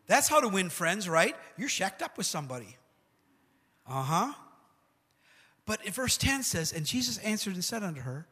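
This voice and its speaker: A man preaching a sermon with animated asides like "come on" and "amen," retelling scripture stories in a casual voice. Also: on the high side, husky. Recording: long hall reverb.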